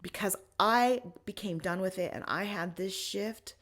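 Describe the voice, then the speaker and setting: A woman hosts her own podcast and talks straight through a personal story. She is candid and emotional, sometimes rushing ahead and sometimes slowing right down. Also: medium pitch, a bit bright. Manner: candid and emotional, with pace swinging between rushed and slow. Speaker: podcast host.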